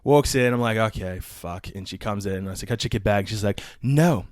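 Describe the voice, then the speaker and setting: A man co-hosting a casual podcast, telling a story full of swearing and animated retelling. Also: fairly low pitch, fast, no echo, studio quality. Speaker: podcast co-host.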